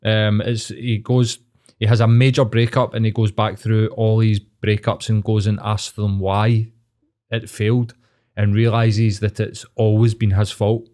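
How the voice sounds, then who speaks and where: A man's voice: lowish voice, flat delivery, measured pace, warm tone. A Scottish man co-hosting a podcast, talking in a supportive, earnest way and laughing often. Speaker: podcast co-host. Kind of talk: casual chat.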